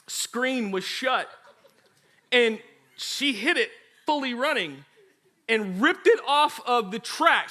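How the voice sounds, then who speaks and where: A man preaching a sermon as a pastor, telling a story in a chatty way, acting out quotes and talking straight to the congregation. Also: high voice. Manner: animated storytelling with acted quotes; chatty, addresses the congregation directly.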